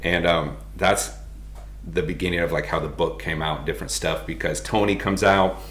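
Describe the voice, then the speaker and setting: A man in his thirties from the United States, a podcast guest telling stories in a casual, animated way and laughing as he goes. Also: sits low, moderate pace. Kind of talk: casual storytelling. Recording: roomy echo.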